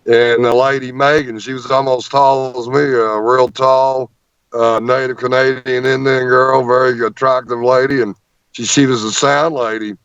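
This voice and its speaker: Animated storytelling man, muffled dry sound. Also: mid-range voice, moderate pace, smooth, dry recording. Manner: animated storyteller, repeats words as he talks. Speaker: guest. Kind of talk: storytelling in an interview.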